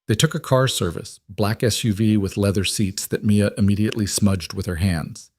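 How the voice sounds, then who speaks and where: A man with a lowish voice narrates a romance story in a steady, even way. The recording is dry and close, with no room sound around him. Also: moderate pace, few pauses, no echo. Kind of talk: scripted audiobook narration.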